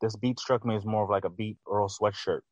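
A man's voice: lowish voice, steady tone, brisk, no echo, muffled recording. A man co-hosting a casual album review, critical and hesitant, correcting himself often.

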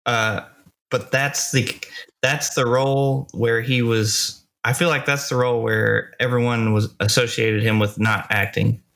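A man co-hosting a casual movie review podcast, relaxed and hesitant, with lots of pauses and restarts. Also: mid-range voice, gravelly. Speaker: podcast co-host.

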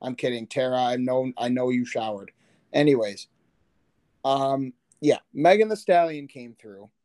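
A man's voice: medium pitch, unhurried, dark tone, no room sound. A man with a mid-range voice in a dry, close recording. He talks loosely and wanders through stories about his week, swearing casually. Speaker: podcast co-host. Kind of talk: casual chat.

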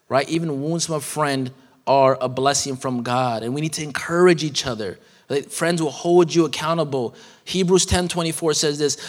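A man in his thirties preaching a sermon in a casual, conversational way, with slang and asides. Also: on the high side. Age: 30s. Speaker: guest preacher. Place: church sanctuary. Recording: church hall reverb.

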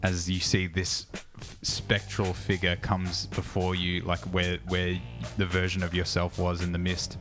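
Deep-voiced young male game master. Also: completely flat delivery, unhurried, hardly any pauses, over music. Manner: casual, many fillers. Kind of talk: narrating a tabletop game.

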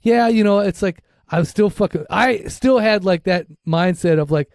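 A man's voice: high-pitched, normal speed, a little mellow, dry recording, studio quality. A middle-aged man with a Minnesotan accent, co-hosting a recovery podcast in casual, blunt, heavily profane talk. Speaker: podcast co-host.

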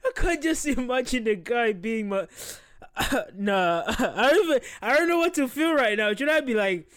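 A man's voice: very high voice, expressive, moderate pace, a bit bright, dry recording, studio quality. A man hosting a podcast, reacting casually to a video, laughing often and swearing, torn between amusement and unease.

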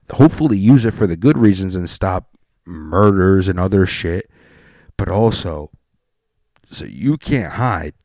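A man's voice: low voice, warm tone, dry recording, clean studio sound. A man in a casual, rambling rant full of swearing and restarts. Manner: rambling, profane, restarts a lot.

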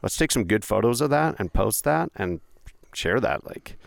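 A man's voice: lowish voice, very animated, normal speed, gravelly, dry recording, studio quality. A man hosting a podcast, chatting casually and rambling, with frequent fillers and restarts. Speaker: podcast host. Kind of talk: casual chat.

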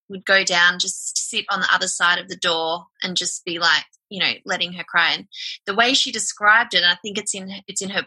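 A woman talks in a loose, rambling way, stopping and restarting her sentences. Her voice is very bright and a little husky. It sounds like a relaxed podcast conversation. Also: mid-range voice, rough recording. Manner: rambling, halting, many restarts. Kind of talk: casual chat.

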